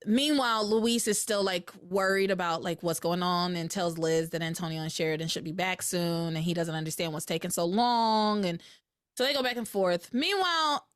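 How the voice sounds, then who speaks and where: A young woman hosting a podcast, chatting casually as she recaps a soap opera with animated, exasperated commentary and quick acted-out quotes. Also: fairly low pitch, dry recording, clean studio sound. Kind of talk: casual chat.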